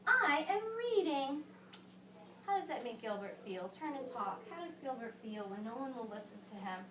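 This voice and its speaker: A woman teacher with a high voice patiently reads a picture book aloud to young children, coaching them through each word. She often hushes the kids to keep them quiet. The recording is roomy and distant, with soft background noise. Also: animated, fairly quick. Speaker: elementary school teacher. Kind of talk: reading a picture book aloud and modeling strategies. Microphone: camera some distance away. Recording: roomy classroom sound, distant mic.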